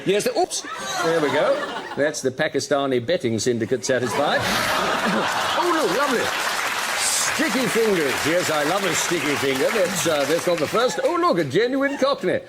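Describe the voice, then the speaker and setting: Guy putting on a posh blond buffoon politician, rambly, voice bouncing around, loud audience roaring behind. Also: on the high side, big pitch swings, moderate pace, a loud crowd. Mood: smug rambling. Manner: blustering, rambling with stammered restarts. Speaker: comedian. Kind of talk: improvised sketch impression. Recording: noisy studio with loud audience.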